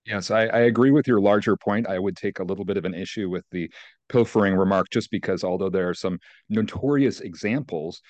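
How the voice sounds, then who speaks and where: A man answering as an energy research guest, measured and careful, qualifying his points with frequent hesitations. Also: low voice, darkish tone, dry recording. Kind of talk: expert interview answers.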